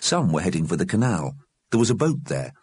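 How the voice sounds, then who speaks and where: A man's voice: low voice, very animated, fairly quick, a little mellow, husky, no room sound, studio quality. A man narrating an audiobook expressively.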